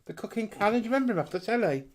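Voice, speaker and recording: A man's voice: expressive, racing. A man co-hosting a casual live stream, playful and gossipy. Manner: playful and gossipy, swings up and down in pitch. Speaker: co-host.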